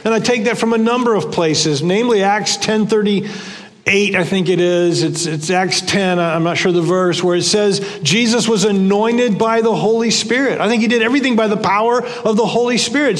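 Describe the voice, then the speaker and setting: An older male pastor preaches in a church sanctuary with a fairly high voice. He talks conversationally and repeats key phrases for emphasis. His words trail off into a long reverb. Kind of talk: sermon.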